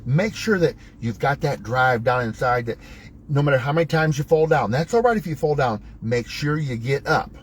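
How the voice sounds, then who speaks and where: A man's voice: mid-range voice, lively intonation, moderate pace, a little hiss or hum, low-quality recording. A man hosting a motivational talk, coaching viewers in a preachy, emphatic, folksy way with wide swings in his voice. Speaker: host.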